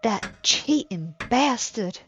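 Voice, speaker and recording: A woman streamer playing a game, reading its text aloud slowly and adding dry, wry asides. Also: a little high, expressive, lo-fi sound, noisy background.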